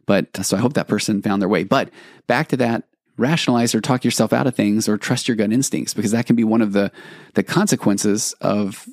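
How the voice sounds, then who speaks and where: A man's voice: on the low side, fairly quick, a little mellow, no room sound, studio quality. A man hosting a podcast, telling a personal story in a reflective, rambling way with many restarts. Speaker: podcast host, therapist. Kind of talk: storytelling monologue.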